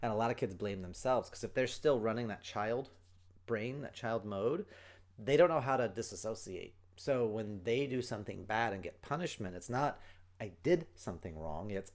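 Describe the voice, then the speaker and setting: Earnest low-voiced man coaching parents. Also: animated, a little fast. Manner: earnest, explanatory, acts out quoted lines. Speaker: podcast host, parenting coach. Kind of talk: solo podcast talk.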